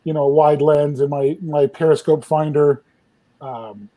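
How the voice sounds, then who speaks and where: A man's voice: a little high, a little slow, low-quality recording. A man, a film still photographer, telling behind-the-scenes stories in a casual group chat and acting out what people said. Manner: animated storyteller, acts out quotes.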